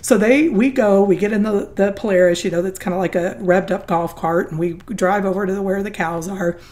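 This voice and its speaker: A woman guest telling a story in a podcast interview, earnest and animated, often restarting her sentences. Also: mid-range voice, brisk. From Southern California. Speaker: guest, foundation founder.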